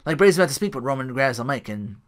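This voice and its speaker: A man's voice: medium pitch, expressive, fast. A man hosting a solo podcast, recapping a wrestling show in a rambling way full of likes and restarts. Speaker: podcast host.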